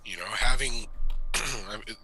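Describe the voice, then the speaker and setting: A man's voice: on the low side, slow pace, sharp tone, slight background noise, low-quality recording. A man playing his character in a tabletop game, talking earnestly about the plan and laughing easily. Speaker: player.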